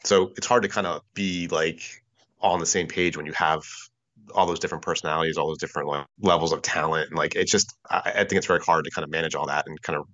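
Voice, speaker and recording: A very deep male voice in his forties, quick and bright in tone, rambling through a casual chat full of filler words and loose swearing. He comes across a dull, lo-fi internet call. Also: steady tone. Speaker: podcast guest, former bandmate. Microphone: video call.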